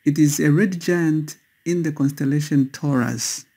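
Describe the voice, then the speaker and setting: Slow, mellow-voiced man narrating a sky guide. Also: a little high, slightly rough. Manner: slow, careful, instructional. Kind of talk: scripted voice-over narration.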